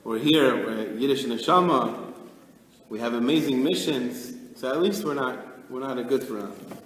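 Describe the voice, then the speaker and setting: Animated man telling a story in an echoey hall. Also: mid-range voice, normal speed, slight background noise. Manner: animated storyteller, acts out characters. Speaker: rabbi. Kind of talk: storytelling Torah class. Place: study hall.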